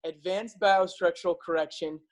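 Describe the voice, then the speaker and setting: A man's voice: high voice, fairly even intonation, normal speed, poor audio. A man speaking casually and eagerly to his viewers as a health practitioner, upbeat and persuasive, with frequent fillers. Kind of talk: casual enthusiastic talk to camera.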